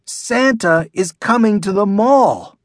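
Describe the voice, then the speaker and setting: A man voicing an excited young schoolboy who shouts his news in a children's audiobook. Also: high voice, slow, dry recording, clean studio sound, voice pushed up, heavily acted.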